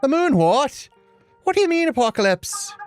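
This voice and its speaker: A woman voicing a fast-talking, anxious male mouse deliveryman with an Irish accent, in a pleading, theatrical way. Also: fairly low pitch, very animated, faint music behind. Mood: alarmed. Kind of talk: let's play voice acting.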